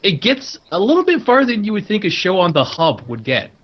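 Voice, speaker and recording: A man's voice: high-pitched, wildly swooping pitch, fairly quick, muffled recording. A man talking in a casual podcast chat, rambling through stories and laughing often at his own jokes. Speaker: podcast co-host.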